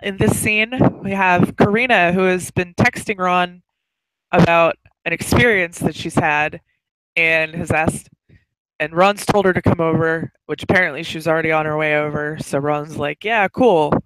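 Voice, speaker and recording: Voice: medium pitch, steady tone, normal speed, fairly bright tone, smooth, dry recording, low-quality recording. A game master casually narrating a tabletop role-play scene. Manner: casual, laughs often.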